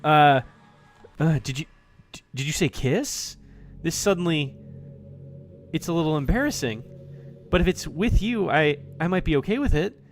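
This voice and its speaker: A man's voice: a little high, lively intonation, normal speed, pauses often, a little hiss or hum, natural voice. A man reading aloud a cheerful young female club president from a visual novel, in a playful, teasing way.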